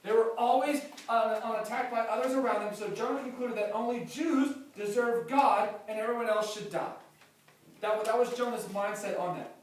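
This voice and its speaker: High-voiced pastor in echoey hall. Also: male voice, fairly even intonation, normal speed. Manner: emphatic preaching, repeats key phrases. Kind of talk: sermon. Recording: very echoey hall, mic far off.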